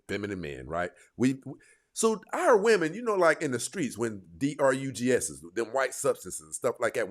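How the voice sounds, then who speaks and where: An emphatic man hosts a casual talk show, pressing his points hard. His voice sits a bit high for a man and swings widely in pitch as he gets worked up. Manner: animated, emphatic, calls listeners bro. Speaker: podcast host.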